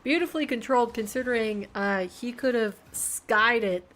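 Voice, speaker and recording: A woman's voice: on the high side, moderate pace, fairly bright tone. A woman casting a video game tournament in a casual, chatty way, drifting into rambling side talk. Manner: chatty, laughing asides, rambling explanations. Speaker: caster. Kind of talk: casual esports commentary.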